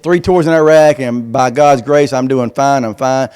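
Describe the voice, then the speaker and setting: A man's voice: medium pitch, moderate pace, few pauses, darkish tone, clear, resonant tone. A man with a stutter, giving a folksy, self-deprecating comic speech as a veteran guest speaker. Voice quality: stutters on some words.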